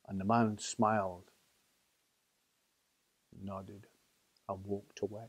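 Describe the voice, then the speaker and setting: A man from England, speaking with a Staffordshire accent, tells a children's story playfully and theatrically as oral storytelling. His fairly low, husky voice stays level in tone, slow and full of pauses.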